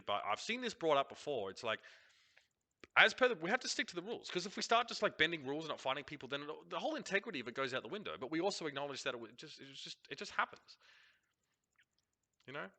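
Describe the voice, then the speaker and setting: Lively and bright-voiced at a medium pitch, an Australian man offers casual commentary as he reviews a replay of a match broadcast. He's animated and blunt, swearing freely and ranting in long runs.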